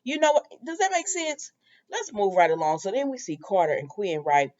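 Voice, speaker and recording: A young woman hosting a casual soap opera recap, animated and opinionated as she talks straight to her viewers. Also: mid-range voice, normal speed. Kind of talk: casual chatty episode recap. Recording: dull lo-fi home video audio.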